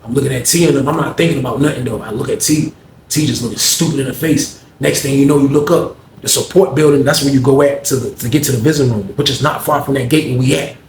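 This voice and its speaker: A man telling a story in casual, slang-heavy talk, getting loud when he acts out arguments. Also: medium pitch, fast talker, reverberant, a little hiss or hum. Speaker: storyteller host.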